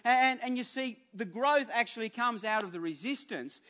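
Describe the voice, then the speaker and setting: A man's voice: very high-pitched, animated, bright, forceful tone. A male pastor preaching a sermon in church, earnest and informal, often stumbling and restarting his phrases. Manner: earnest, halting with repeated restarts.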